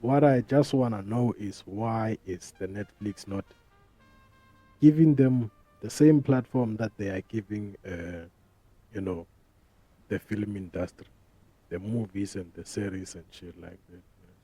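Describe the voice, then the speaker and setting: A man's voice: lowish voice, a little slow, warm tone, husky, soft background music. A man hosting a podcast, talking casually in a rambling, profane way full of street slang. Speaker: podcast host. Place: podcast studio.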